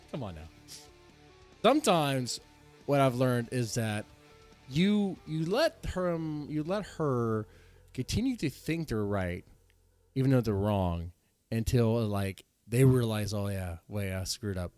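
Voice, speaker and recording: A male streamer talks over a debate clip at a mid-range pitch. He rambles and restarts his sentences and greets his chat as he goes. Faint music sits underneath. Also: big pitch swings, measured pace, pauses often, a little mellow. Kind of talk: casual live-stream commentary.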